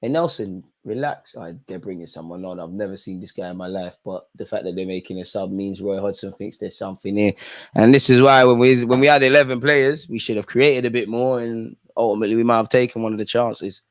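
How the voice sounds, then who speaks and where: This watch-along host is a young man with a voice on the low side, fairly even in intonation and brisk. Exasperated by the football match, he talks directly to the players and the referee.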